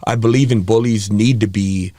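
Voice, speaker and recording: A man speaking with a lowish voice recounts his past openly as a podcast guest. His talk is frank and meandering, full of restarts. The sound is close and dry, with no room around it. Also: fairly even intonation, moderate pace, dark tone, no echo. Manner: frank, rambling, with frequent restarts. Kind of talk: candid personal storytelling.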